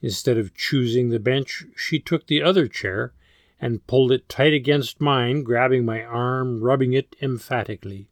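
A man narrates a first-person story in an even, mid-range voice. His delivery is measured and plain, in the manner of an audiobook. The recording is dry and close. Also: mid-range voice, creaky, no room sound.

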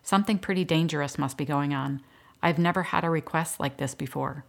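A woman's voice: low-pitched, brisk, creaky. A woman reading the lines of a female hospital volunteer, careful and officious.

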